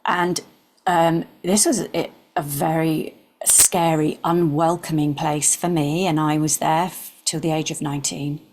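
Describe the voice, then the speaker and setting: A woman in her sixties, an interview guest, earnestly telling a personal story and sometimes dropping into soft whispers. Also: low voice, steady tone, unhurried, a little hiss or hum.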